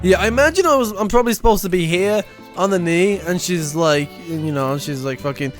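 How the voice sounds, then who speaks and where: A man's voice: high voice, fairly quick, faint music behind. A man streaming a video game, chatting casually with loose, profane asides, laughing and muttering as he reads the game's lines aloud.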